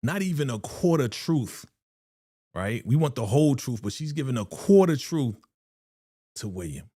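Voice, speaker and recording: A man chats on a live reaction stream, with slang, repeated phrases and frequent sighs. His pitch swings widely as he talks. The sound is close and dry, with no room echo. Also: very animated, moderate pace, dark tone, breathy edge. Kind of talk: casual live reaction chat.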